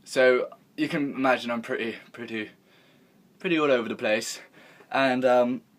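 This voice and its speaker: Young man, vlogger, casual rambling storyteller, average pitch, lively and profane. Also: normal speed. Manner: rambling, animated, swears freely, acts out quotes.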